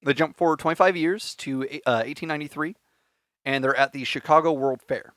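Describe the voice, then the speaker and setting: A man's voice: fairly high pitch, brisk, fairly bright tone, no room sound, clean studio sound. A man hosting a podcast, casually recapping an episode in a rambling way with filler words and swearing. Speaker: podcast host.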